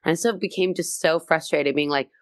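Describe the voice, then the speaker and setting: A woman comedian talks as an interview guest, her voice sitting on the low side. She tells her stories with lively, high energy. The sound is dry and close, with no room around it. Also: brisk, no room sound. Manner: high-energy, animated storytelling. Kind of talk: casual interview chat.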